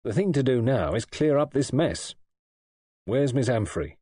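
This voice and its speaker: A man's voice: medium pitch, animated, unhurried, warm tone, husky, no echo, studio quality, pitched above the performer's own voice. A man playing a blunt fatherly police chief. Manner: plain-spoken, firm, fatherly. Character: blunt middle-aged police superintendent father. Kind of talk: audiobook dialogue.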